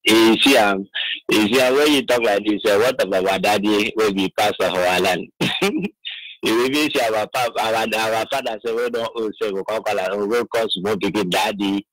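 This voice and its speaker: A man with a Nigerian Pidgin English accent rings in over a phone line, going on at length in effusive praise. His voice sits fairly low and the sound is dry and close. He talks in long, looping, repeated phrases. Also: moderate pace, fairly bright tone, no echo. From Akwa Ibom, Nigeria. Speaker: caller. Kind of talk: phone-in call.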